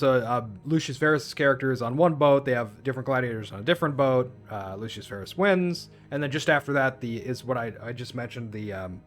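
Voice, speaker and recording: A man's voice: medium pitch, a bit bright. A man recapping a film plot in a casual, profane rant, full of restarts and tangents. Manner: rambling, profane, with many restarts. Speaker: film reviewer.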